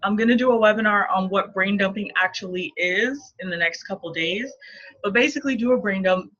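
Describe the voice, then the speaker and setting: A marketing coach in her thirties teaches in a casual, playful way, laughing often. Her voice is medium-pitched and fairly bright, and she talks fairly quickly. The lo-fi recording sounds dull.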